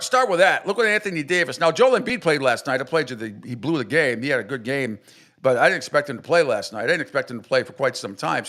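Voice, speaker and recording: Animated, fired-up man on sports radio. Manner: animated, mocks others in high exaggerated voices. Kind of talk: opinionated sports radio rant.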